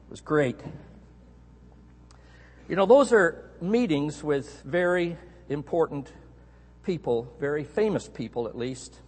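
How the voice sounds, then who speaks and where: A middle-aged Canadian man preaching a sermon, telling a story with animated emphasis on key words. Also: on the high side, slow pace, pauses often, slightly rough. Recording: echoey hall.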